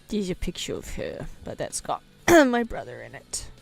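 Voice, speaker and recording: A woman's voice: mid-range voice, sing-song, a little slow, creaky, slightly rough. A young woman chatting casually on a live stream while she draws, playful and giggly, sometimes slipping into a cooing baby voice. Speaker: livestreamer. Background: faint music.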